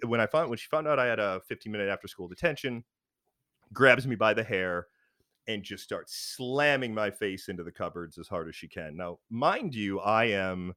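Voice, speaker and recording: Candid rambling man, dry low voice. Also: fairly bright tone, clear, resonant tone, no room sound. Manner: rambling, frank, many fillers and restarts. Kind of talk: casual chat, personal storytelling.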